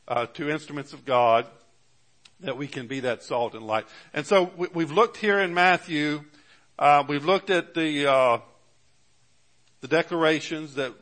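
A man's voice: fairly high pitch, a bit bright. A man preaching a sermon as pastor, with emphatic rises on key words and many fillers and restarts. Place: church.

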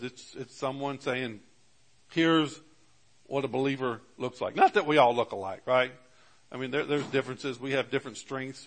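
A man's voice: mid-range voice, a bit bright. A man preaching a sermon as pastor, with emphatic rises on key words and many fillers and restarts. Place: church.

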